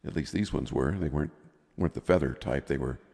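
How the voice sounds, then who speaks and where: A man's voice: extremely low pitch, fast talker, creaky, a little mellow, in a large hall. A man in his fifties telling a long rambling story in casual chat, laughing as he goes. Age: 50s. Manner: rambling, laughs often while telling stories. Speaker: podcast co-host.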